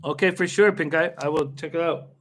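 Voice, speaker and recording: A man's voice: fairly high pitch, a little fast, a bit bright. A young man hosting a live stream, chatting casually with viewers by name and laughing often as he bets on races. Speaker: livestream host betting on horse races.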